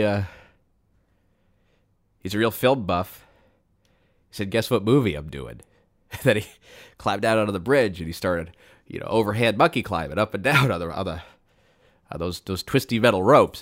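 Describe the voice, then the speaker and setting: A man telling a rambling, absurd comic story in a deadpan way, with sudden excited bursts. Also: lowish voice. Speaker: comedic storyteller.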